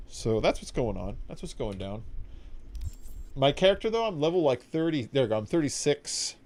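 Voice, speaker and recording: Male streamer, rambling and profane, lively pitch, casual gameplay talk. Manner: rambling, profane, animated storyteller. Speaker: game streamer.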